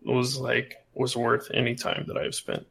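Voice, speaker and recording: A man's voice: medium pitch, completely flat delivery, unhurried, gravelly, a bit bright, a little hiss or hum. A man hosting a casual gaming chat, laid-back, asking follow-up questions.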